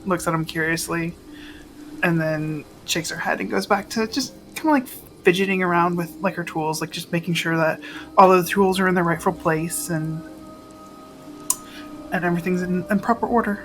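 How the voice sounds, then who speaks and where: A woman playing a tabletop game, calmly describing what her character does. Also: on the low side, normal speed, over music, rough recording. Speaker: player.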